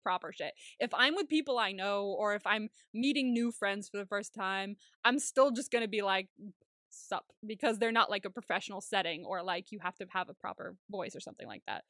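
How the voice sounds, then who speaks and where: A young woman co-hosting a podcast in casual chat, chatty and quick to laugh, swearing casually. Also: medium pitch, fairly bright tone, no room sound, studio quality. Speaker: podcast co-host.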